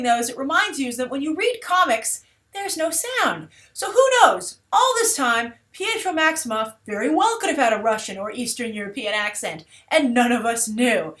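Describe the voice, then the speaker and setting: Chatty woman reviewing a trailer. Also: a little high. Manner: chatty, animated, with many fillers. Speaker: host of a movie trailer review show. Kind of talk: casual commentary.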